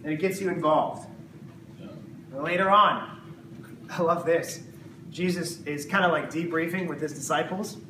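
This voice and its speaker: High-voiced man teaching Bible in echoey room. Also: measured pace, long pauses. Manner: conversational, jokey, acts out voices of the disciples. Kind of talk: casual Bible teaching to a small group. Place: room with a live group. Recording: echoey room, distant mic, noisy background.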